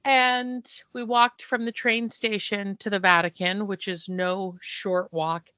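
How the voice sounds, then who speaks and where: A middle-aged American woman co-hosting a podcast, telling stories in a casual, animated way, acting out the people she quotes and often restarting her sentences. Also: medium pitch, takes it slowly, smooth, dry recording. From United States. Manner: restarts and stumbles mid-sentence. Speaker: podcast co-host. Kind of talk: casual storytelling chat.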